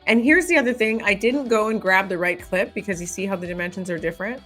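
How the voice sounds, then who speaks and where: A woman's voice: medium pitch, quick pace, a bit bright, soft background music. A woman hosting a casual editing tutorial, thinking aloud as she works and laughing often. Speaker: host.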